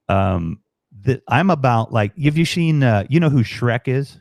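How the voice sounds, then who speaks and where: A man's voice: mid-range voice, animated, measured pace, gravelly, darkish tone, no room sound, clean studio sound. A man from Chicago telling rambling, profane stories in a casual live-stream chat. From Chicago, USA.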